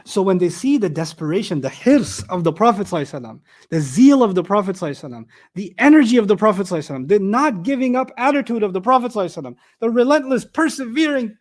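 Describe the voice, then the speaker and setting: In a tafsir lecture on the Quran, a man with a strikingly high voice speaks animatedly, firing rhetorical questions at his audience and breaking into recitations of Arabic verses. He races along with barely any pauses.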